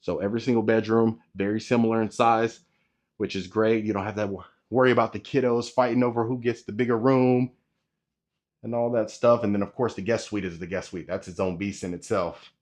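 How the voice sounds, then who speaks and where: Talking directly to viewers, a man gives a salesy, casual tour of a model home inside and out while a little short of breath. His voice is on the low side, fairly quick and a little mellow, with fairly even intonation.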